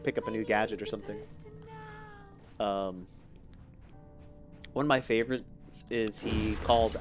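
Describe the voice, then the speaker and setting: A chatty man rambles through casual gameplay commentary, amused at himself. His pitch swings freely as he talks. Faint game music plays under his voice. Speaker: let's play host.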